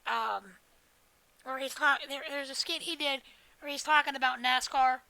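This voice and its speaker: A woman's voice: sits high, fairly even intonation, moderate pace, gravelly, bright, forceful tone, no echo, rough recording. A woman streaming a video game, chatting casually in a rambling, joking way with plenty of swearing. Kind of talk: casual live-stream chat while gaming.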